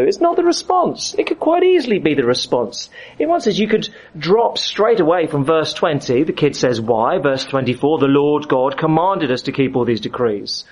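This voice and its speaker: A man's voice: a little high, big pitch swings, moderate pace, darkish tone. A man preaching a sermon, acting out the voices of the people he quotes.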